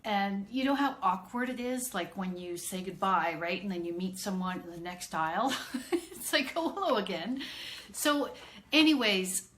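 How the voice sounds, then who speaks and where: A woman's voice: mid-range voice, expressive, normal speed, a bit bright, slight background noise. A middle-aged woman, an autism consultant, telling a chatty story on a live stream and greeting viewers by name.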